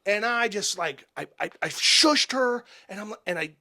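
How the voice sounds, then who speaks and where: A man in his forties, a podcast guest telling personal stories in an earnest, halting way, often restarting and dropping soft and quiet. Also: high-pitched, expressive. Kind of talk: reflective personal storytelling.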